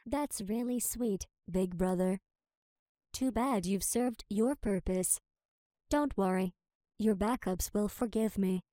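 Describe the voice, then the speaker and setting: Lady voicing a creepy sweet robot girl, fake innocent, talks real slow, dry sound. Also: medium pitch, mellow, no room sound, lightly acted. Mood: mock-sweet. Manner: saccharine, mock-innocent, coldly polite. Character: sweetly menacing childlike female machine, giggly, cruel. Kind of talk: reading character lines with spoken stage directions.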